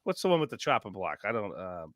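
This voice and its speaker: A man telling stories on a podcast as a guest, animated and rambling, acting out quotes. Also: fairly low pitch, fast talker, no echo, studio quality. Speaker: podcast guest, former contestant. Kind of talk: casual storytelling chat.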